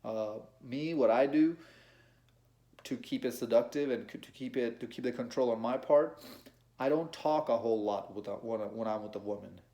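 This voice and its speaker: A young man talks straight to his viewers in a loose, conversational way. He is mid-pitched, repeats words and restarts his sentences as he goes. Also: normal speed, mellow. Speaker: dating advice vlogger. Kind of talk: casual advice monologue to camera.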